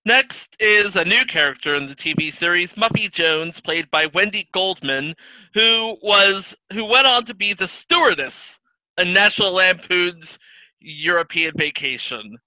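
A man's voice: high-pitched, expressive, unhurried, bright, forceful tone, dry recording, low-quality recording. A man co-hosting a casual podcast, reading cast notes and teasing his partner. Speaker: podcast co-host. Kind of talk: casual chat about old TV.

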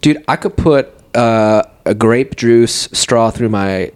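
A man's voice: medium pitch, takes it slowly, clean tone. A man in casual chat, joking and playful in banter.

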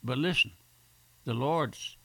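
A man's voice: medium pitch, slow, creaky, sharp tone, breathy edge, no echo. A male pastor preaching a fervent radio sermon with rhetorical questions and repeated phrases.

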